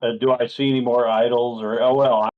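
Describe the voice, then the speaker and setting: A man's voice: medium pitch, level tone, fast talker. Joking man on a tinny phone-like line. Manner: jokey, playful quips. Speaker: player. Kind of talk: tabletop game chat. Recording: tinny phone-like call audio.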